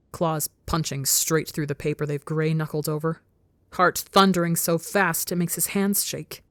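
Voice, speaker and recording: A woman narrating a story in a measured, intimate way. Her voice sits low for a woman, and the recording is close and dry. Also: no room sound. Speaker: audiobook narrator. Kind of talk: scripted narration of fan fiction.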